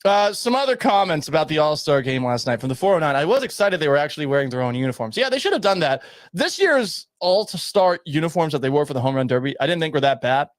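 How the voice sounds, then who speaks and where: A man's voice: a little high, big pitch swings, quick pace, hardly any pauses, dry recording. A man hosting sports talk radio, reading listener texts and giving blunt, sarcastic takes with self-mocking laughs, at a studio microphone. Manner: opinionated, sarcastic, laughs at himself. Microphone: studio microphone at a mixing board.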